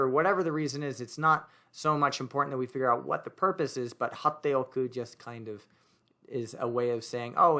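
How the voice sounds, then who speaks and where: A man's voice: mid-range voice, pushed and bright. A man teaching grammar, thinking aloud as he writes and explains, with easy fillers and self-corrections. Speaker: language teacher. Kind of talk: explaining grammar while writing on a board.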